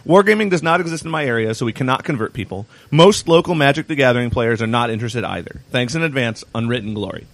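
A man's voice: medium pitch, lively intonation, fast talker, hardly any pauses, fairly bright tone, dry recording. A man co-hosting a podcast who reads a listener's email aloud, laughing at the banter. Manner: amused, laughing. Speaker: podcast co-host. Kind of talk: casual podcast chat, reading a listener email.

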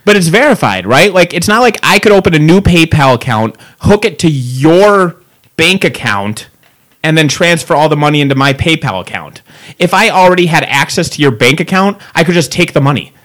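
A man rants in a casual podcast chat. His delivery is profane and animated, with a slightly high voice that swings widely up and down. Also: fairly quick. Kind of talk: casual chat, angry storytelling. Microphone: pop filter.

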